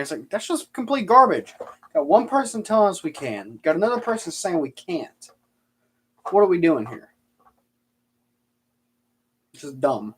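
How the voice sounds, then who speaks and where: A man's voice: on the high side, sing-song, moderate pace, pauses often, a bit bright, breathy edge. A man chatting casually on a live stream, answering viewer questions and telling rambling, sarcastic stories.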